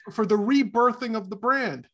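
A podcast host with a New York accent talks in a notably high voice. He is chatty and effusive, padding his lines with fillers. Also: moderate pace, fairly bright tone, slight background noise. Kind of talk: casual sports chat.

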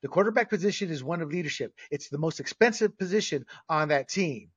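A man's voice: fairly high pitch, animated, fast, slightly rough. A man hosting a sports podcast, giving blunt, emphatic opinions in a ranting way. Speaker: podcast host.

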